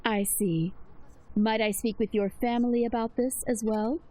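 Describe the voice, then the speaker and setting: A woman voicing a composed investigator who speaks in a formal, measured way. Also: a little high, fairly even intonation, a little mellow, voice pushed down. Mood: calm.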